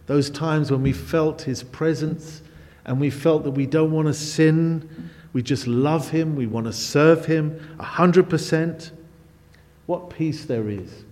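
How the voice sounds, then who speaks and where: A male preacher delivering a sermon with a fairly high voice. He is emphatic and swells louder and higher on key phrases. The sound carries a long hall reverb. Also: slow.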